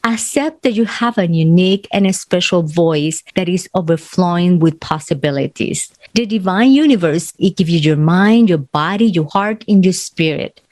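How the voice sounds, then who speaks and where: A woman's voice: fairly low pitch, expressive, moderate pace, hardly any pauses, a little mellow, no room sound. Spanish-accented woman hosting a motivational podcast. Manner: earnest, encouraging, non-native grammar. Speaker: podcast host.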